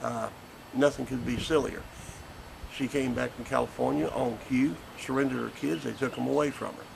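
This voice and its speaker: A man's voice: medium pitch, fairly even intonation, moderate pace, creaky, background noise. A man, a grandfather speaking bluntly and indignantly in a recorded statement. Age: 50s. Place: porch outdoors.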